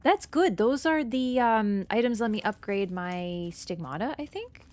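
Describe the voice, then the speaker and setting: A woman streaming a game, chatting casually with her viewers, teasing and jumping between excited bursts and low mutters. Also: unhurried. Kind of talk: casual gameplay commentary.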